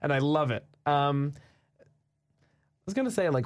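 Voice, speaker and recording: A man's voice: on the high side, huge pitch swings, moderate pace, a little mellow. A young man co-hosting a podcast in casual chat, rambling with lots of fillers and restarts. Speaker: podcast co-host.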